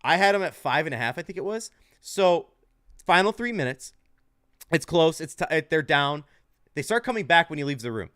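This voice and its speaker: A man's voice: fairly high pitch, normal speed, no echo, clean studio sound. A young man hosting a casual sports podcast, telling a gambling story with lots of swearing. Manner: animated storytelling, swears freely. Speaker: podcast host.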